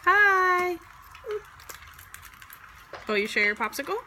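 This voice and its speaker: Young mom w a high voice coaxing her little kids in singsong, noisy home video. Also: animated, normal speed. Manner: coaxing sing-song talk to small children. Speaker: mother. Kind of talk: home video chat with toddlers.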